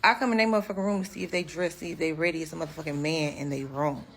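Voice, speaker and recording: Woman retelling a scare, excited and cussing, bit of background hiss. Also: low-pitched, racing. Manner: rattled, swearing, excited retelling. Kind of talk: casual storytime.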